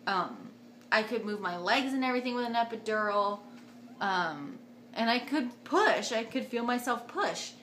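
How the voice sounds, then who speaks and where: A young woman tells a personal story to camera in a chatty, animated way, jumping up in pitch whenever she quotes someone. Her voice is bright and forward. The room adds a clear echo and a faint hiss behind her. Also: moderate pace. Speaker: vlogger.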